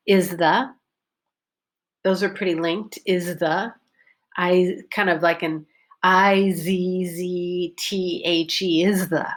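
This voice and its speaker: A woman teaching pronunciation, talking slowly and carefully and repeating example sentences. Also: lowish voice. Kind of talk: unscripted pronunciation lesson.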